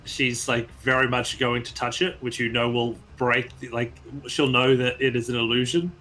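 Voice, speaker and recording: A man narrating as game master in a tabletop game, lively and quick to laugh. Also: medium pitch.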